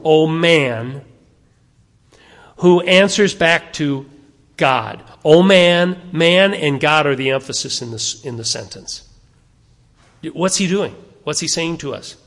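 A male pastor preaches a sermon in a slightly higher-than-usual voice, warm and conversational yet earnest. He keeps throwing rhetorical questions at his listeners and repeats phrases for emphasis, with a long reverb from the church sanctuary around him.

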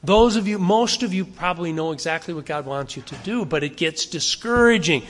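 A male pastor preaches with earnest exhortation, his voice sitting a little higher than most men's. He leans on rhetorical questions and pushes his listeners to action. A long reverb trails behind him in the church. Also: lively intonation, a little fast, fairly bright tone. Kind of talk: sermon.

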